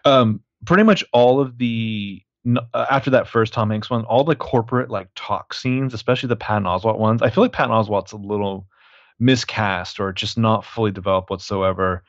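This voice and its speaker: A man co-hosting a casual film review chat, talking in a halting way full of fillers. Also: lowish voice, fairly even intonation, no room sound, highs cut off. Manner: conversational, halting, frequent fillers. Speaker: podcast co-host.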